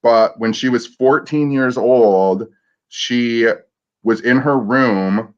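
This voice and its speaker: A man's voice: medium pitch, slow. A man co-hosting a casual chat, musing and telling a strange story. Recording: dull lo-fi sound.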